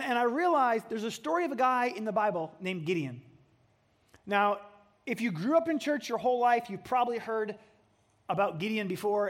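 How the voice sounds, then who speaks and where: A man preaching a sermon to a congregation in a chatty, animated way, often restarting his sentences. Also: extremely high pitch. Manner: conversational and animated, with frequent restarts.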